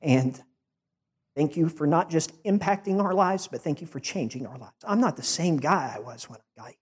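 A man's voice: on the high side, expressive, normal speed, breathy edge, big-room sound. A man preaching a heartfelt farewell sermon to his congregation, building to emphatic rising declarations. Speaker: departing preacher.

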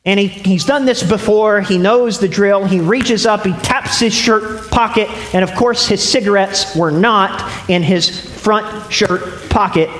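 A man's voice: high-pitched, unhurried, few pauses, a bit bright, a little hiss or hum. A man preaching a sermon to a congregation, telling stories with frequent restarts. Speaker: pastor. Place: church sanctuary. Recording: echoey hall with long reverb.

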